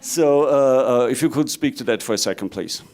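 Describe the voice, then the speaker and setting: A man's voice: medium pitch, normal speed, a little mellow. A man with a German accent moderating a conference panel, hesitant and often restarting his phrases, with a light joking touch.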